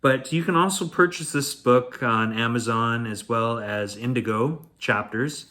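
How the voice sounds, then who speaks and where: A man's voice: mid-range voice, measured pace, pushed and bright. A Canadian man hosting a bedtime story reading, chatty with playful asides. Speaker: storyteller host.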